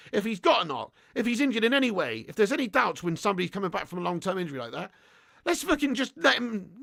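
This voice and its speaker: British lad hosting a footy watch-along: high voice, gravelly, cheeky and sweary, dry close mic. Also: male voice, no echo. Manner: sweary, excitable, chatty with viewers, laughs often. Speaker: football fan streamer hosting a watch-along. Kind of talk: live football watch-along commentary.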